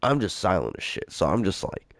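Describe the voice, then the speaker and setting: A young man with a fairly low voice tells a story on his podcast. He rambles, swears freely and pads his sentences with "uh" and "like". The sound is close and dry. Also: big pitch swings, a little fast, creaky, no room sound. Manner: rambling and profane, heavy filler words. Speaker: podcast host. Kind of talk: casual storytelling.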